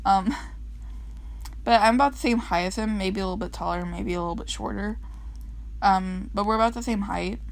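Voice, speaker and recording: A woman's voice: medium pitch, fairly quick, vocal fry, long pauses. A young woman chats her way through a pile of comics, casual and unscripted. She rambles, giggles and stumbles over her words, starting sentences over and filling gaps with ums. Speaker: comic reader vlogger. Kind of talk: casual comic reading and chat.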